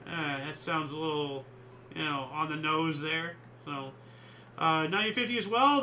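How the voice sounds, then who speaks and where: A man's voice: high voice, sharp tone, slight background noise, poor audio. A man hosting a casual history chat show, reading out dates and chatting about them in a rambling, opinionated way with many fillers. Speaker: host.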